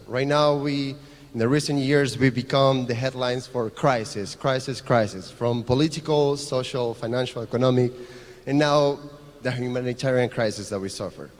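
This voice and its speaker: A man with a Venezuelan Spanish accent, a non-native English speaker, giving an earnest conference talk and repeating phrases as he explains. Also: mid-range voice. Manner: earnest, repetitive, restarts phrases while explaining. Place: large conference hall. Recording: long reverb of a conference hall.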